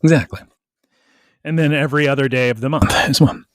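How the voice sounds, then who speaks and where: A man co-hosting a casual podcast, animatedly retelling a cartoon episode with quick quoted voices and laughs. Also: medium pitch, dry recording, clean studio sound. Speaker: podcast co-host.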